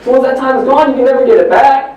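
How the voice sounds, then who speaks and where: Man, motivational trainer, animated and preachy, far from the mic, faint crowd ambience. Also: extremely high pitch, very fast, muffled recording, slight background noise. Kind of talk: live motivational talk. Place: large hall at a training event. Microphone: far from the recording mic. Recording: echoey hall from far off.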